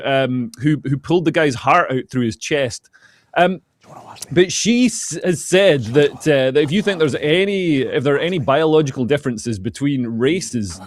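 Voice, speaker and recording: A male comedian guest riffing sarcastically and with energy in casual banter. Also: fairly high pitch.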